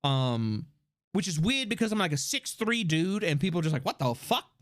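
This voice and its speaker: Animated high-voiced man streaming. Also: normal speed. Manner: animated, profane, rambling. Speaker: livestream host. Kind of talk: casual livestream chat.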